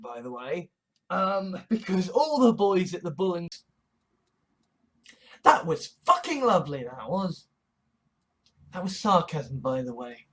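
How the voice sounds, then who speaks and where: A woman's voice: mid-range voice, rough recording. Woman vlogger, profane and sarcastic, ranting in loose digressive asides. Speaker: YouTube creator. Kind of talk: ranting vlog monologue.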